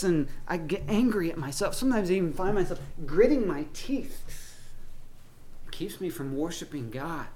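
A man's voice: sits high, expressive, normal speed, warm tone. A man preaching a sermon as pastor, talking conversationally and acting out the voices of people in his stories.

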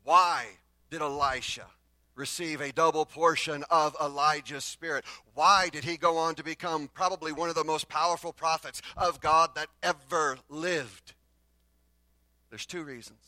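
A dynamic male pastor with a slightly high, steady voice preaches at a measured pace in a dry recording. He swings from loud bursts to hushed lines and voices the exchanges between the prophets himself.

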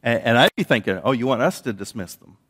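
A man's voice: mid-range voice, animated, fast talker, fairly bright tone, breathy edge. A man preaching a sermon, telling stories with frequent repeated words and restarts. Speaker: pastor.

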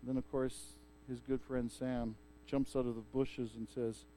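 A male pastor preaching a sermon and retelling a story in a lively way, with frequent restarts. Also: mid-range voice, unhurried, hardly any pauses, no room sound.

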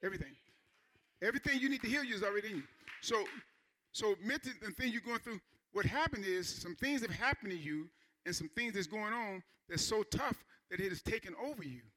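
Bright-voiced emphatic preacher man. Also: high-pitched. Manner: emphatic, repeats phrases, asks the congregation questions; animated preacher, slows down to stress key lines. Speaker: pastor. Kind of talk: sermon.

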